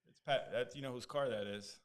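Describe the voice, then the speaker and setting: A man's voice: mid-range voice, fairly quick. A man co-hosting a casual live talk show, throwing in teasing, joking asides. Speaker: co-host.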